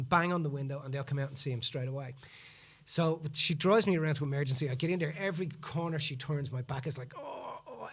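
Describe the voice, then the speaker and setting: A man hosting a podcast, telling a story in casual chat and acting out what people said. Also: fairly high pitch. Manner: animated, acts out quoted speech in the retelling. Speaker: podcast host.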